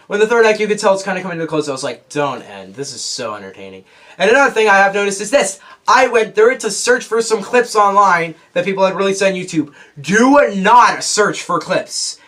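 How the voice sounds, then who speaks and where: A teenage boy giving a casual, rambling movie review, excitable and full of restarts. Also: sits high. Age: teens.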